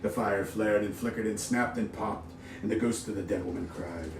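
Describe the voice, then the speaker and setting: A man's voice: fairly low pitch, little pitch movement, fairly quick, gravelly. A man reading a ghost story aloud, dramatic and full of sound-effect words. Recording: roomy, distant mic with faint hiss.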